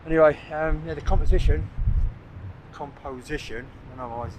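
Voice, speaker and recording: This landscape photographer vlogger, a man around sixty, has a fairly high voice and talks fast; the audio is poor, with a crowd and outdoor noise clearly audible. Standing on a coastal cliff at sunset taking photographs, he chats casually to camera, thinking aloud in a rambling way full of "uh"s.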